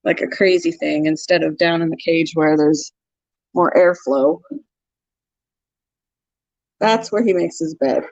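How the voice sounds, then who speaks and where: A woman's voice: low voice, unhurried, pauses often, darkish tone, no echo. A woman hosting a casual pet vlog, chatty and laughing often as she walks around her animal cages at home. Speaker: pet channel host. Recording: dull lo-fi, dry sound.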